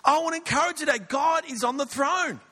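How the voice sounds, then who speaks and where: Bright, high-voiced pastor preaching. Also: male voice, quick pace. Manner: animated storytelling, shouting punchlines. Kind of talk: sermon.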